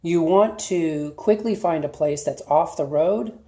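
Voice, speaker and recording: A middle-aged man giving casual, plain-spoken advice to viewers, often checking in with a quick "okay?". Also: fairly high pitch, warm tone. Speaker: video host giving advice. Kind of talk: casual instructional talk to camera.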